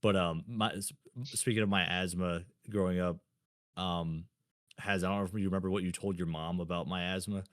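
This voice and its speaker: A man's voice: sits low, fairly even intonation, moderate pace, a bit bright, no echo, studio quality. A man in his thirties, co-hosting a podcast, telling childhood stories in a casual, blunt, self-mocking way with plenty of swearing. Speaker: podcast co-host. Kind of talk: casual storytelling chat.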